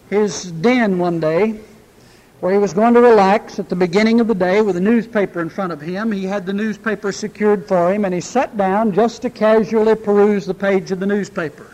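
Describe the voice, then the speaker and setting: High-voiced preacher in a reverberant hall. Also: male voice, darkish tone. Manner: storytelling preacher with dramatic pauses. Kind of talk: sermon with scripture reading and illustration.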